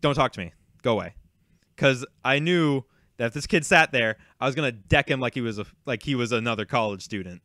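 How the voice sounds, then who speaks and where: A man's voice: medium pitch, brisk, sharp tone, no echo. A young man casually telling a long, rambling, exasperated story about a card game tournament, with frequent fillers and swearing. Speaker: YouTube card game creator.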